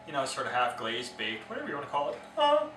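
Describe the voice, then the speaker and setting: A man's voice: medium pitch, huge pitch swings, fast talker. A man co-hosting a casual comedic cooking show, teasing and playful as he walks through the steps. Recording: echoey kitchen, distant mic, music.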